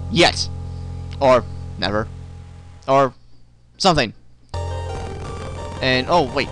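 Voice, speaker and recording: A man's voice: fairly high pitch, a bit bright. A man commenting on his gameplay, joking and sarcastic, talking back to the characters on screen. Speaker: let's play host.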